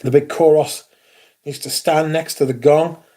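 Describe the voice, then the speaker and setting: Sweary, excitable British man streaming. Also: fairly high pitch, measured pace. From Britain. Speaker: livestream host. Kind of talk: casual livestream chat.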